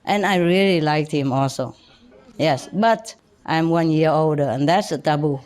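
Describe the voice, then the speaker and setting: A woman's voice: deep voice, a crowd in the background. Laughing woman telling stories. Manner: halting, many restarts and chuckles. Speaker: spiritual teacher. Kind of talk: personal storytelling to an audience.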